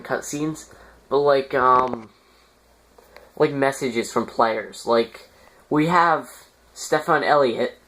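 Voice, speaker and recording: This YouTuber's medium-pitched, slightly bright voice carries casual, meandering commentary on a hockey management game. He leans on fillers and erupts now and then in exasperation.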